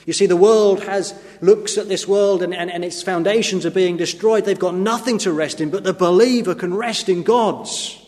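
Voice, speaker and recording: A man preaching an earnest sermon, swinging between emphatic rises and quiet drops. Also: high-pitched, normal speed, few pauses. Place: church. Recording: long reverb of a church hall.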